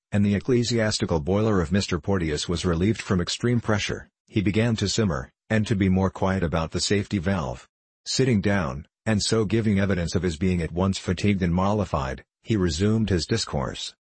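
A man reading an old-fashioned novel aloud as an audiobook narrator, in steady storytelling. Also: sits low, moderate pace, husky, dry recording. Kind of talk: scripted narration.

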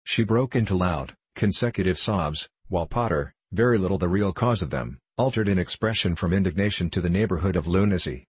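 A man narrating a novel in a measured, even storytelling manner. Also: sits low, breathy edge, no room sound. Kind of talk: audiobook narration.

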